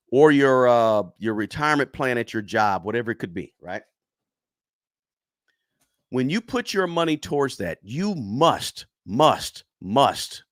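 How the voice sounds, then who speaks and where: A man's voice: mid-range voice, dry recording, clean studio sound. A man giving personal finance advice to camera in a casual, emphatic way, repeating words for stress and often checking in with "right?".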